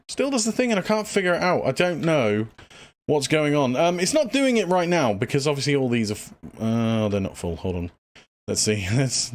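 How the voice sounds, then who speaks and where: A man casually chatting through a livestream, out of breath and rambling with lots of fillers as he thinks aloud. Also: on the high side. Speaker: streamer. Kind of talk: casual gameplay livestream chat.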